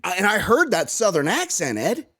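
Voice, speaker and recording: Excitable profane man co-hosting. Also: high voice, moderate pace. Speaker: podcast co-host. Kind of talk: casual chat.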